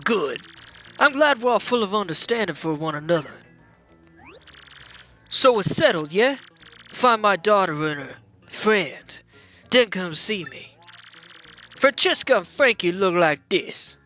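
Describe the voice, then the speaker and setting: Brief: man playing older gangster-accented mob boss, tough and bossy, bright timbre. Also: high-pitched, very animated, a little slow, pauses often, faint music behind, heavily acted. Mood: scheming. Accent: New York gangster. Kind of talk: video game dialogue read-along.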